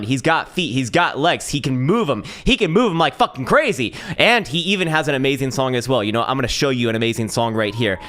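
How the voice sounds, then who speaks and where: A man hosting a casual crypto live stream, swearing and laughing as he banters and reads viewer comments aloud. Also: medium pitch. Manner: profane, laughing, excitable banter.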